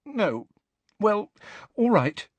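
A man reading aloud and voicing an earnest, quick-tempered teenage girl in a higher, emphatic voice. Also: big pitch swings, husky, dry recording, lo-fi sound, heavily acted. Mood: upset, exasperated. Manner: emphatic, pleading, higher pitched. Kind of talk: audiobook character voice.

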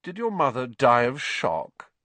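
A man voicing an arrogant, sneering schoolboy bully who speaks in a slow, lazy drawl. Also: mid-range voice, huge pitch swings, fairly bright tone, voice pushed up.

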